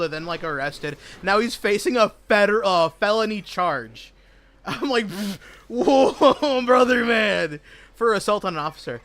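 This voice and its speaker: A young man with a slightly high voice rambles through a story while he plays, swearing freely and tossing in slang. Faint game music runs underneath his casual, unscripted talk. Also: fairly bright tone. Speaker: gaming streamer. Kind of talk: casual chat while gaming.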